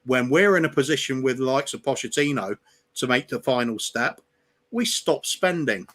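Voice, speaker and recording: Male co-host, fan livestream, measured opinions, mid-pitched voice. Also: expressive, a bit bright. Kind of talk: casual fan chat.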